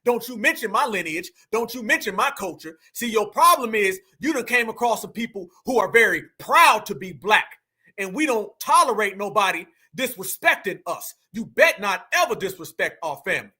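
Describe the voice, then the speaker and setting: A man's voice: high-pitched, big pitch swings, moderate pace, sharp tone, husky. A man from the United States giving a heated, profane commentary monologue full of slang and emphatic repetition. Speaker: commentary channel host.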